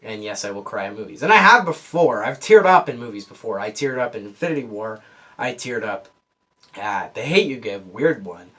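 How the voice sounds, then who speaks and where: A teenage boy giving a casual, rambling movie review, excitable and full of restarts. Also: on the low side, moderate pace. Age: teens.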